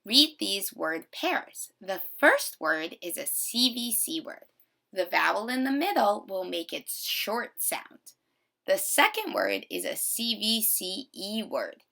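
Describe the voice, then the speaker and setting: A woman teacher giving a recorded phonics lesson for children, sounding out vowels slowly and repeating each one with emphasis. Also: medium pitch, huge pitch swings, creaky, bright, forceful tone.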